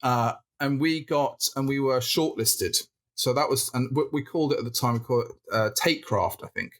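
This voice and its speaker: A man from the north of England, a podcast guest telling a rambling, animated story with restarts and laughs in casual chat. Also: mid-range voice, normal speed.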